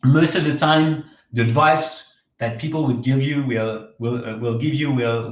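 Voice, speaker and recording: A man's voice: mid-range voice, a little slow. Emphatic man in echoey room. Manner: energetic, emphatic, repeats key words. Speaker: workshop speaker. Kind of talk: online workshop talk.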